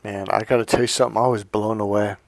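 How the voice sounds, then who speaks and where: A man working as a life coach, telling a personal story in a loose, animated way, swearing freely and often breaking off mid-sentence. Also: on the low side, quick pace, creaky, no room sound, faint music behind. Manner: animated, profane, self-interrupting. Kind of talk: casual storytelling monologue.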